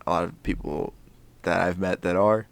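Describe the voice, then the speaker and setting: A man's voice: deep voice, fairly even intonation, normal speed, creaky, no room sound. A man co-hosting a podcast in casual chat, laid-back and rambling. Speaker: podcast co-host.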